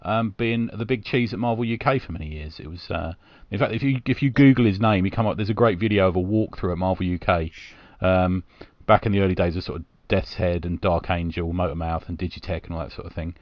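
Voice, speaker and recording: A man's voice: sits low, fast talker, dry recording, muffled recording. A man hosting a casual comic book podcast, chatty, often trailing off with tag questions.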